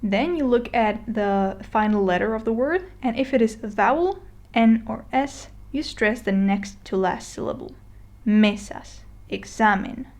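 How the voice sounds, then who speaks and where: A woman's voice: a little high, animated, moderate pace, darkish tone. A woman explaining a language lesson step by step, patient and plain, with casual fillers and recaps. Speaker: Spanish teacher.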